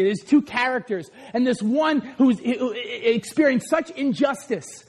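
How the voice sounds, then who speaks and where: A pastor delivers a sermon in an animated, storytelling manner, talking straight to his congregation. His voice sits very high for a man. He keeps it conversational and full of energy. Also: measured pace, few pauses.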